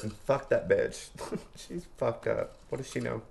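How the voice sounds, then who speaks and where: A man's voice: mid-range voice, unhurried, creaky, darkish tone. A man telling a candid personal story in an interview, chatty and loose, laughing often and swearing freely.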